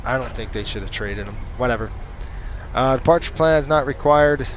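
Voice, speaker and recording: A man's voice: mid-range voice, fairly quick, dull audio, slight background noise. A man casually commenting on a flight simulator session, running through checklist callouts and ranting sarcastically between them. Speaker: flight sim streamer.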